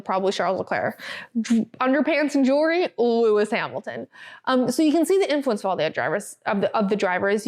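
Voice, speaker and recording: A woman hosting a podcast, talking casually and animatedly, with filler words and laughs. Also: fairly high pitch. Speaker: podcast host. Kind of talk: casual chat, reading a statement aloud.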